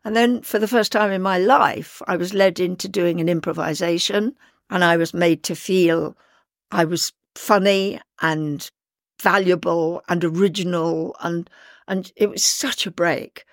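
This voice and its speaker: Older London actress, gravelly, dry close sound, lively raconteur. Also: female voice, lowish voice, a little slow, dry recording. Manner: lively anecdotal, acts out quoted voices. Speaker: actress guest. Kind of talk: interview storytelling.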